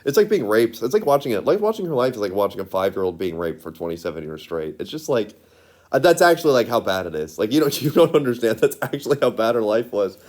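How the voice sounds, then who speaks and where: In a laid-back, meandering monologue, a man speaks quickly and with lots of animation, his fairly low voice slightly mellow. He giggles frequently, keeps starting over, and leans constantly on the filler "like."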